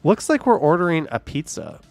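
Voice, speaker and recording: A man's voice: on the high side, wildly swooping pitch, fairly quick, vocal fry, faint music behind. A man live streaming, chatting casually with viewers, rambling and swearing at voice assistants when annoyed.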